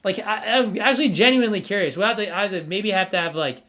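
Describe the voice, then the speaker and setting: Young male streamer, slightly high voice, rambling and playful, stammers a lot. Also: fast talker, fairly bright tone. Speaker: livestream host reviewing NFT art. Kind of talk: casual livestream chat.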